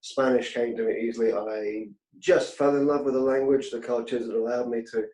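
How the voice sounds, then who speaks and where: Mellow-voiced man, roomy sound. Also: medium pitch, fairly even intonation, brisk. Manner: chatty storyteller, self-deprecating, frequent restarts. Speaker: guest, industry executive. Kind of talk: casual anecdotal chat.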